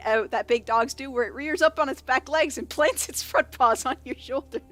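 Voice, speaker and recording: A woman's voice: high-pitched, moderate pace, a bit bright. A woman narrating as game master in a tabletop game, rambling and correcting herself as she describes scenes. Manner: rambling, self-correcting, laughing often. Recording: faint background music.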